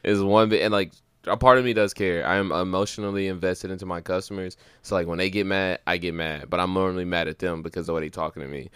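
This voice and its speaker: A young man co-hosting a podcast, talking in slangy, animated banter, often laughing and mimicking other people's voices. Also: sits low, quick pace, clean tone, no room sound. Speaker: podcast co-host. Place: home studio.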